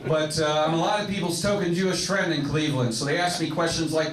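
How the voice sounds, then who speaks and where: A man doing a stand-up comedy set on a comedy club stage, telling jokes in a laid-back, deadpan way. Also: on the high side, quick pace, crowd noise. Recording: echoey club from far off with faint ambience.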